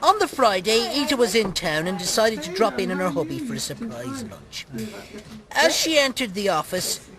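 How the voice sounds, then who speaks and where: A man's voice: high-pitched, expressive, moderate pace, a crowd in the background. A man with an Irish accent voicing a crude, cantankerous puppet who tells smutty stories and insults his brother. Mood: storytelling. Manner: mocking, insulting, gleefully crude. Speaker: puppet show co-host. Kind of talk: comic puppet storytelling and bickering.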